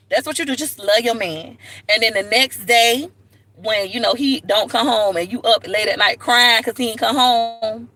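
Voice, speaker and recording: A woman's voice: on the high side, moderate pace, pushed and bright, dry recording. A woman hosting a livestream, giving sassy, preachy relationship advice straight to the viewer in a comedic rant. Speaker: livestream host.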